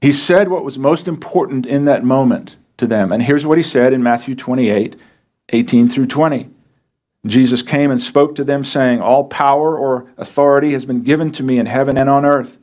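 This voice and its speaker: A man's voice: mid-range voice, normal speed, a little mellow. A pastor preaching a sermon in a plain, conversational way, asking his listeners questions as he explains scripture.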